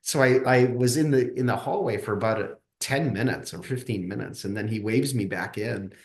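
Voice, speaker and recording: Brief: male coach, low voice, chatty storyteller, echoey room. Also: moderate pace. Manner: animated storyteller who acts out quoted dialogue. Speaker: coach and guest. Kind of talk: casual podcast interview storytelling.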